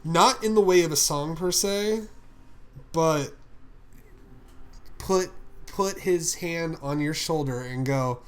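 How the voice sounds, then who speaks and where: A man's voice: fairly high pitch, takes it slowly, long pauses, a little hiss or hum. A man running a tabletop game as game master, casual and rambling, swearing often.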